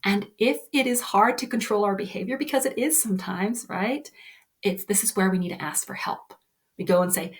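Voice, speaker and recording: Gentle woman coaching kids. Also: mid-range voice, normal speed. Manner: gentle, reassuring, often ending with "right?". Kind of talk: explaining lesson to children.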